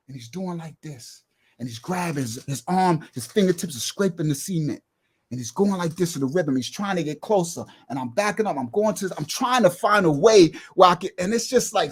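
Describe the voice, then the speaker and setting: Middle-aged man, high husky voice, animated street storytelling, acts out voices, loud bursts and low murmurs. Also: fairly quick. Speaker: guest telling his life story.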